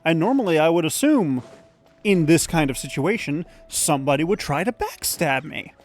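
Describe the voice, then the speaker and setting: A man's voice: fairly high pitch, expressive, normal speed, darkish tone, faint music behind. A man hosting a let's play, giving casual, rambling, opinionated commentary and swearing casually.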